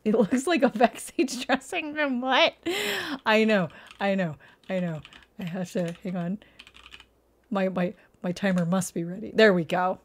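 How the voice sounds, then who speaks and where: A woman streaming live and reacting to house listings, unhurried but theatrically outraged. She swears freely, laughs between lines and keeps asking "why" at the screen. Her pitch sits in a middle range for a woman. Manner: exasperated and mock-outraged, swearing, laughing often; reacting aloud, asking rhetorical questions.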